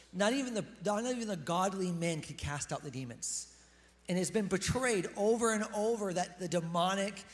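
Youngish-sounding dude pastor, high voice, chatty sermon to the crowd, echoey church hall. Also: male voice. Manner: casual, chatty, addressing the congregation directly. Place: church hall with a live congregation.

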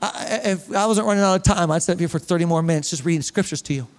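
A man preaching a sermon as pastor, animated and reading scripture aloud to his congregation. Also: high voice, very fast, big-room sound. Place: church hall.

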